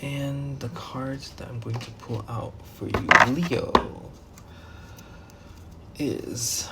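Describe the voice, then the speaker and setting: A man's voice: mid-range voice, very slow, heavy background noise. A man giving a casual tarot reading, rambling loosely with many fillers and restarts and the odd swear word. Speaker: tarot reader.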